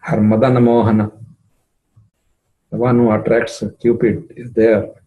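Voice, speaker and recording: A man's voice: level tone, measured pace, dark tone, rough recording. Emotive male devotional storyteller. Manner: emotive, rising in pitch at moving moments, frequent fillers. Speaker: spiritual storyteller.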